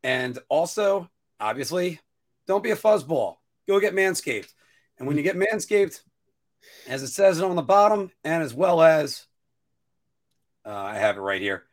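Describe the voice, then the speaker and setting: A man co-hosting a casual talk show who rambles, stumbles over restarts and sometimes jumps into a whiny high voice. His usual speaking voice sits a little higher than most men's. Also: unhurried, pauses often. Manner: rambling, self-interrupting, animated with sudden high-pitched whining bursts. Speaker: podcast co-host. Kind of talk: casual chat.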